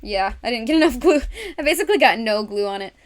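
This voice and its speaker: A woman's voice: a little high, animated, quick pace. A woman hosting a casual craft livestream, chatting to viewers and talking herself through each step with frequent laughs. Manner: speaks to viewers in chat. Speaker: livestream host.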